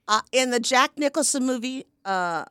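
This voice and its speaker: An older woman in her seventies tells anecdotes with lively energy, slipping into voices for the people she quotes. Her voice sits a little high and sounds dry and close, with no room around it. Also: normal speed, smooth, no room sound. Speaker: podcast guest, actress. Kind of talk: storytelling in a conversation.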